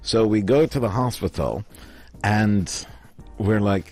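A man telling a travel story in casual chat, acting out the other people's lines in lively voices. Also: on the low side, measured pace, faint music behind.

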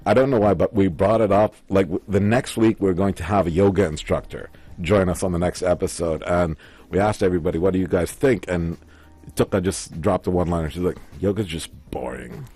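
A man hosting a casual radio show, chatting and running a listener quiz in a relaxed way. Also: low voice, brisk, husky. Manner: relaxed, chatty, counts down aloud.

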